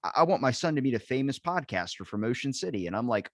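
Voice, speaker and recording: A young man from the East Coast hosts a casual podcast chat and tells long, meandering stories peppered with swearing. He acts out the people in his stories, and his pitch swings widely as he goes. The recording is close and dry. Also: very animated, fast talker, dry recording. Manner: rambling storyteller, swears a lot, acts out quoted voices. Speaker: podcast host.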